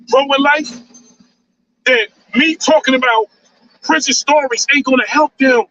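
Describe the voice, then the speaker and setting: A man's voice: very high-pitched, bright, forceful tone. A man, hosting a live stream and lecturing his audience, repeating lines and saying "man" a lot. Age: 40s. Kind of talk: casual monologue on a live stream. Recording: dull, distant mic with faint noise.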